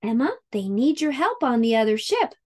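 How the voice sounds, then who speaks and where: A woman voicing a kind, patient preschool teacher with gentle, playful pirate talk. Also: a little high, big pitch swings, normal speed. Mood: gently playful.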